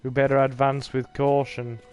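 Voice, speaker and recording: A man with a neutral British accent giving relaxed, chatty commentary on his gaming livestream, with wry asides to the game. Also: medium pitch, normal speed, clear, resonant tone, muffled recording, faint music behind.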